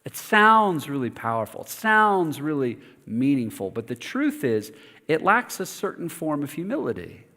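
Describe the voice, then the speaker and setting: Pastor, male, slightly high voice; self-mocking storyteller in a sermon, long hall reverb. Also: normal speed. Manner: animated storytelling, self-mocking, lively asides.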